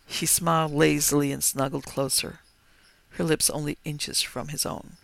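Brief: male horror narrator, gravelly, slow and dramatic, dry close sound. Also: on the high side, level tone, fairly bright tone, no echo. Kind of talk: dramatic horror story reading.

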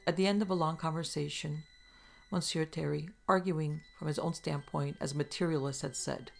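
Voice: medium pitch, steady tone, gravelly. A narrator reading an old ghost story aloud with dramatic pacing. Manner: dramatic, slow in places.

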